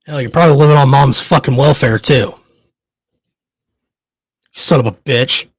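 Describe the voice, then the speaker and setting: A man's voice: mid-range voice, moderate pace, husky, no room sound. Angry swearing man ranting. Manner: profane, heated, stammering. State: shaking with anger. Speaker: podcast host.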